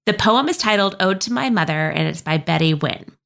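A woman's voice: medium pitch, lively intonation, brisk, creaky, fairly bright tone. A woman in her thirties co-hosting a podcast about motherhood in a casual chat, gushing and laughing often. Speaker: podcast co-host.

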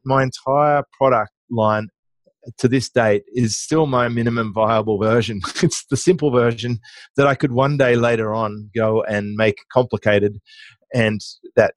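Middle-aged man, talk-show guest, animated anecdotal delivery, mid pitch, dry close sound. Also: no room sound. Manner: lively anecdotal, with frequent restarts. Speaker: guest, online marketing business owner. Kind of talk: conversational interview storytelling.

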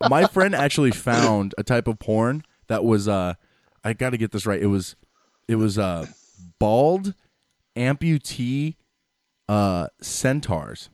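A man's voice: lowish voice, animated, slow pace, no echo, clean studio sound. A young man hosting a casual chat, blunt and crude in his joking. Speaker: podcast host.

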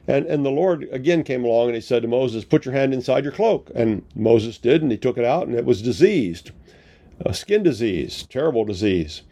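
A man's voice: mid-range voice, expressive, normal speed, warm tone. A male pastor giving a sermon in a conversational storytelling manner, retelling scripture with casual paraphrased dialogue.

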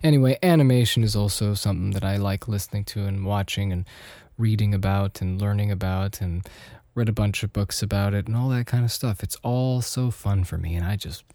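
A man's voice: on the low side, mellow, no room sound. A young man talks through a casual solo podcast, slightly nasal and self-deprecating. He rambles, restarts his sentences and wanders between thoughts. The sound is close and dry. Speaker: podcast host.

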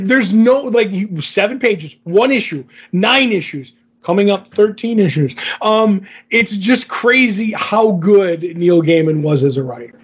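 A man co-hosting a podcast, casually retelling a comic story in a rambling, animated way with lots of fillers. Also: sits high, breathy edge, highs cut off. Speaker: podcast co-host.

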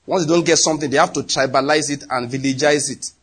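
Husky Nigerian man preaching. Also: fairly high pitch, fast talker. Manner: animated, emphatic, slips into acted quotes. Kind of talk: sermon.

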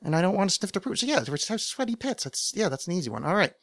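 A man's voice: high-pitched, very animated, fast, few pauses, a bit bright, dry recording. Rambling self-mocking man, dry close sound. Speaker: podcast host. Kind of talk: casual solo podcast chat.

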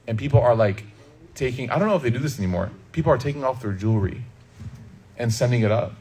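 A man from Chicago giving a conversational religious talk, lively and humorous, speaking straight to the audience. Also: mid-range voice, fast, a little hiss or hum. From Chicago, USA. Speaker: Islamic speaker.

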